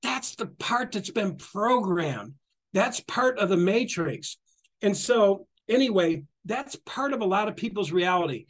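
A middle-aged man giving an animated spiritual talk, repeating phrases, acting out quotes and laughing often. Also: high-pitched, unhurried. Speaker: spiritual guest speaker.

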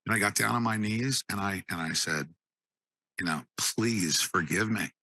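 A man with a low, gravelly voice tells a personal testimony, stumbling over and repeating words as emotion catches him. His tone is bright and forward, and the sound is close and dry. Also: no echo. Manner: halting, repeats words, choked up. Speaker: guest giving a testimony.

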